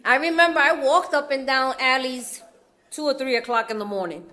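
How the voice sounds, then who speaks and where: A woman from California tells her recovery story to a meeting crowd in loose street slang. Her voice sits high. She jokes her way through hard moments and breaks into laughter often. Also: moderate pace, sharp tone.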